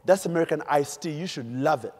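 A man impersonating a loud, brash American woman missionary during a speech in an echoey hall. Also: deep voice, fast talker, slight background noise, lightly acted. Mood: bubbly.

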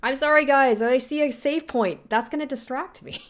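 A woman's voice: sits high, moderate pace. A woman streaming a horror game, reacting with sudden jumps and reading the on-screen text aloud to herself. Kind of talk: live gameplay commentary.

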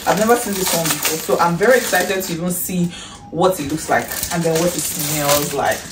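A woman's voice: fairly low pitch, a little fast. Gushing Nigerian woman vlogging in an echoey room. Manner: excitable and gushing, with shrieks and breathy exclamations. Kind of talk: casual haul vlog chat. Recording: echoey room, distant mic, faint hiss.

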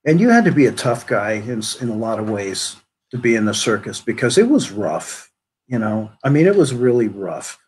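A man being interviewed as a guest musician, telling stories in a casual, animated way with frequent fillers. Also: fairly low pitch, normal speed, slight background noise. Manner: animated storyteller, frequent "you know". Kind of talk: casual conversation.

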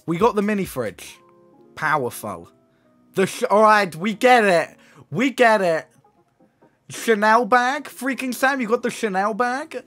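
A young man, live-streaming and teasing viewers in excitable, joking banter. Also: high voice, unhurried, soft background music. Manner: teasing, excitable, swears and laughs often. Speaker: livestreamer. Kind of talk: casual live-stream commentary.

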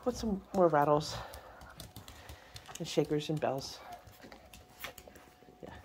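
A woman's voice: low voice, animated, slow, a little mellow, a little hiss or hum. A woman breeder narrating a casual vlog, switching between plain explanation and sing-song baby talk to her puppies. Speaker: dog breeder.

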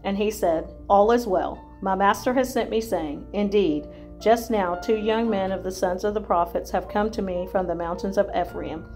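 A woman in the role of Bible reader, doing a scripted scripture reading in a measured, even-paced way. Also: mid-range voice. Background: faint instrumental music.

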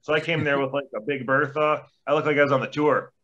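A man's voice: medium pitch, steady tone, fast, noisy background. A man in his forties, a former hockey player, telling rambling, profane anecdotes as a podcast guest. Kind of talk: casual storytelling. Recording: dull lo-fi sound.

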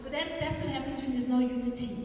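A South African woman preaching a sermon as a pastor, animated and repeating phrases for emphasis. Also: high voice, fast talker. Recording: echoey hall from far off, faint room noise.

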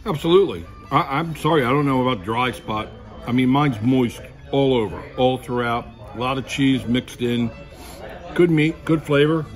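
A man's voice: mid-range voice, moderate pace, faint music behind. A man co-hosting a casual food-review show, enthusiastic and wisecracking as he tastes.

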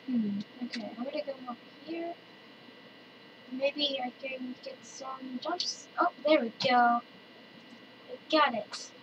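High-voiced woman narrating her gameplay. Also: slow pace, long pauses. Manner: chatty, excitable, talks to other players. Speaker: let's-play gamer. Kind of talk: casual gameplay commentary. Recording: distant mic with loud noise.

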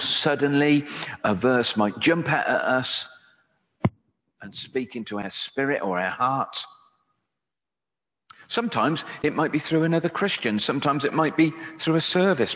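A man delivers a calm sermon at a slow, reflective pace. His mid-pitched voice stays gentle throughout. A long church-hall reverb trails his words. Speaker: preacher.

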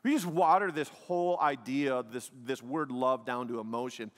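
A pastor preaches a sermon in a church sanctuary, his medium-pitched voice moving at a normal speed. His delivery is emphatic yet conversational, with "man" and "like" frequently slipped in between points. The recording carries the long reverb of a large hall.

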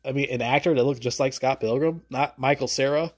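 A man delivering a crude, profanity-filled film rant to his subscribers, his pitch jumping up sharply when he gets worked up. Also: steady tone, brisk, husky. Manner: crude, swearing, sudden pitch jumps. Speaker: film reviewer.

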